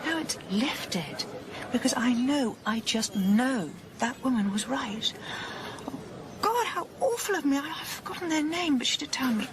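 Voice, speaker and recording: A breathy, emotional grieving mother. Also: high voice, very animated, unhurried. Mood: breathless, excited. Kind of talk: radio drama acting. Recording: radio broadcast with clear hiss.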